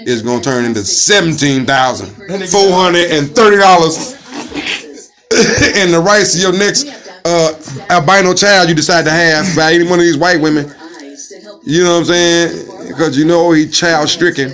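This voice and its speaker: Brief: man in casual chat, loud animated storyteller, voice sits a bit high. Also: normal speed.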